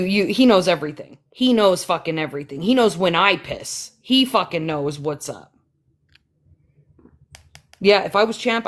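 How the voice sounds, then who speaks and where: A woman ranting heatedly on her livestream, profane, combative and sarcastic. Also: fairly low pitch. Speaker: livestream host.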